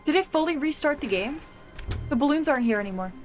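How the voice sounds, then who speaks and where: Young woman streamer, casual and reactive, slightly high voice, faint game music. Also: lively intonation, fast talker. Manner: chatty, reactive, swears. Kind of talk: casual gameplay commentary.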